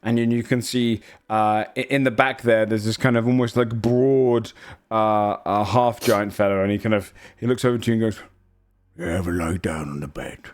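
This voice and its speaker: A man's voice: fairly low pitch, steady tone, normal speed, clear, resonant tone. Rambling male game master. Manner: rambling and hesitant, with many fillers. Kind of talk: narrating a tabletop game.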